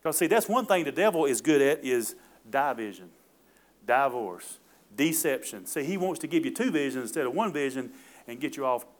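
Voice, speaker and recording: A man's voice: on the high side, lively intonation, fast talker. A man preaching a sermon in a folksy, down-to-earth way, with calls of "Amen?" to the congregation.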